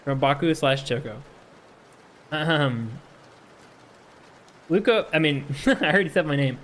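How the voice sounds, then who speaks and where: A man hosting a relaxed live stream, chuckling through chat messages and dry asides. His voice sits a touch higher than most men's, with faint rain pattering in the background. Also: unhurried, a little hiss or hum. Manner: laughs often, reads chat aloud, amused. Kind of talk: casual live-stream chat and poetry reading.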